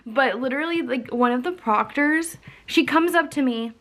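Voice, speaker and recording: A woman's voice: high voice, moderate pace, a bit bright. A young woman telling a candid, profane story in a casual vlog. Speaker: vlogger.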